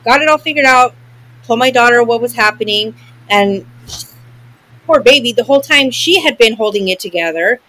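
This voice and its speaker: A woman's voice: fairly high pitch, lively intonation, normal speed, fairly bright tone, rough recording. A woman in her forties, co-hosting a podcast and telling an emotional personal story in casual chat, full of fillers and restarts. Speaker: podcast co-host.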